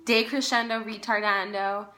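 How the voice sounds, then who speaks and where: Over violin music in the background, a woman gives practice video instruction for a string lesson. Her voice is medium-pitched and level, her pace moderate, as she patiently names notes and counts everyone in.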